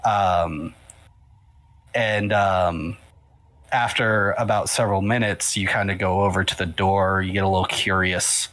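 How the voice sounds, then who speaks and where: A man's voice: deep voice, measured pace, low-quality recording. A man narrating a tabletop role-playing game as game master, loose and full of fillers. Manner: relaxed, filler-heavy narration.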